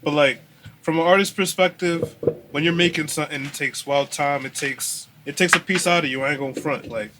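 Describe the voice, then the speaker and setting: A man's voice: fairly high pitch, fairly quick, background noise. A young man who makes music, talking earnestly in slang as a guest on a casual podcast.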